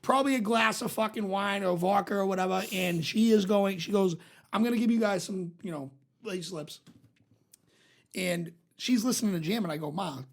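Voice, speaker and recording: A man's voice: sits high, normal speed, creaky. A man co-hosting a podcast, telling a profane story in casual chat and acting out the voices of the people in it. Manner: profane, animated storyteller who acts out voices. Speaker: podcast co-host.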